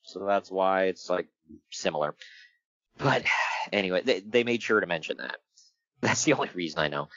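A man's voice: low voice, normal speed, long pauses, dry recording, muffled recording. A man co-hosting a casual podcast, telling stories with a lot of laughter. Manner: laughing often, animated storytelling. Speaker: podcast co-host reviewing wrestling. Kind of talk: casual chat.

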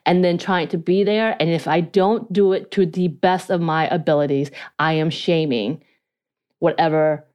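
A woman's voice: low voice, fairly even intonation, moderate pace, lo-fi sound. Reflective woman co-hosting a podcast. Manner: reflective, analytical, self-questioning. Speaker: podcast co-host. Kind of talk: casual chat.

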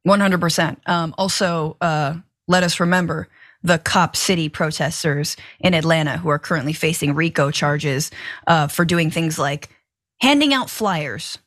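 A woman's voice: low-pitched, fairly even intonation, normal speed, dry recording, clean studio sound. A woman hosting a political commentary show, wry and conversational. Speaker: host.

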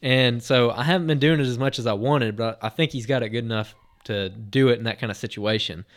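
A man with an ordinary, mid-range voice tells a story on a podcast. He rambles, doubles back on himself and fills his sentences with "like" and "uh". His delivery stays relaxed and conversational as he relives the moment. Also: medium pitch, brisk. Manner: rambling, filler-heavy retelling with many restarts; lively, excited anecdote telling. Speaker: podcast host.

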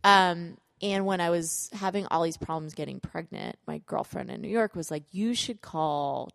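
A woman's voice: lowish voice, steady tone, moderate pace, vocal fry, fairly bright tone, no echo, clean studio sound. A woman co-hosting a podcast in casual chat, rambling and giggly, full of fillers. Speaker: podcast co-host.

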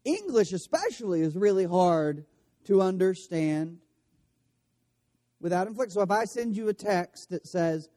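Pastor, male, high voice with a warm, mellow tone; casual sermon delivery, restarts his phrases, light humor. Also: sing-song, unhurried. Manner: casual, self-correcting, with joking asides. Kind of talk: conversational sermon.

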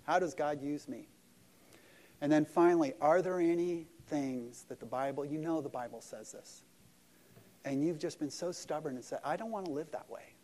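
A man's voice: a little high, normal speed, a little mellow. A man preaching a sermon at a church service, earnest and conversational, with self-deprecating asides. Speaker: pastor.

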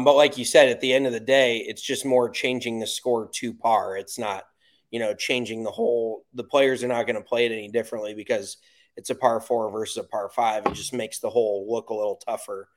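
A man's voice: fairly low pitch, fairly even intonation, fairly quick. An American man co-hosting a golf podcast, talking in casual chat with blunt, profane rants. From United States.

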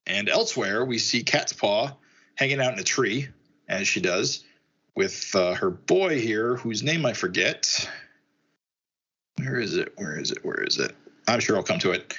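A man chats casually as he reads a comic aloud, putting on halting voices for the characters. His voice has a husky edge. The recording sounds a bit muffled and lo-fi. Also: on the low side, expressive, pushed and bright. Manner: reads character lines in a slightly raised, halting voice. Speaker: podcast co-host reading a comic aloud. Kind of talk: casual chat, reading comic dialogue aloud.

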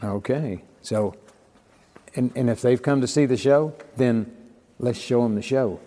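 An older man chats in a relaxed, folksy way, acting out the people in his stories. His voice is dark and mellow. The room rings with a long echo. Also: mid-range voice, measured pace. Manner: folksy storyteller, acts out quoted dialogue. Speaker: podcast guest. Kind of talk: casual storytelling.

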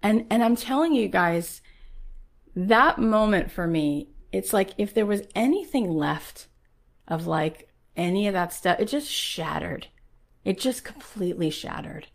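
A middle-aged woman podcast host giving a motivational talk, telling a story softly and then urging listeners on with rising intensity. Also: mid-range voice, animated, measured pace, gravelly. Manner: storytelling, soft and hushed at first, then rising to urgent, pleading exhortation.

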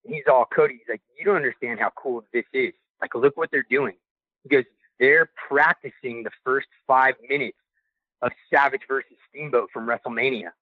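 A man telling a backstage story in a casual, animated way, acting out the things people said to him. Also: mid-range voice, moderate pace, no room sound. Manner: animated, acts out quoted dialogue. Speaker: guest recounting backstage experience. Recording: tinny phone line.

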